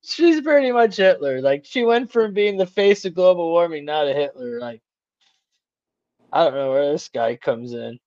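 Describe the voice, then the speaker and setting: A man's voice: fairly high pitch, moderate pace, darkish tone, no room sound. A man hosting a live call-in show, chatting casually with a sarcastic, slangy manner. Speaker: host. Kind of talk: casual podcast chat. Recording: dull lo-fi sound.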